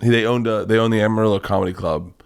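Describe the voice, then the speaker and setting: With a lowish, creaky voice, a male guest comedian rambles through a profane anecdote in casual talk, restarting often and retelling it with lively flair.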